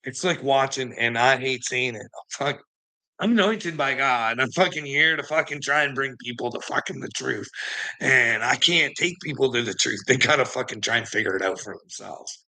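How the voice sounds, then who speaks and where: A man with a gravelly, fried edge to his voice and a bright, forceful tone rants to his viewers. He talks bluntly and indignantly, with heavy swearing in a loose monologue. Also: medium pitch, normal speed, poor audio. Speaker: vlogger. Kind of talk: profane ranting monologue.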